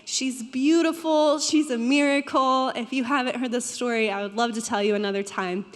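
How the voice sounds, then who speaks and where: A woman's voice: a little high, steady tone, moderate pace. Conversational young woman pastor preaching. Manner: conversational, asks the audience questions. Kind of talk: sermon. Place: church hall. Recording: long hall reverb.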